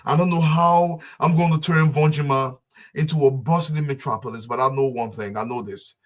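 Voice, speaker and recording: A man from Liberia, making a fervent, pleading public appeal with repeated lines and swings from soft to loud. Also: mid-range voice, moderate pace. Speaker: diaspora business advocate.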